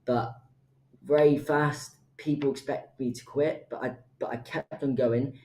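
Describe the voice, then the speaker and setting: A man's voice: mid-range voice, steady tone, measured pace, darkish tone. Earnest young man in an echoey room. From United Kingdom. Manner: earnest, stammers at times. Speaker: guest podcaster. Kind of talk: emotional personal story. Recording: roomy echo.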